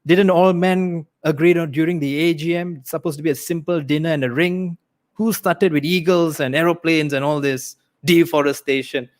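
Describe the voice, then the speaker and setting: A young man from Malaysia performing a livestreamed stand-up set, acting out characters. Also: moderate pace. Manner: animated, acts out characters with big pitch swings. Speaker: stand-up comedian.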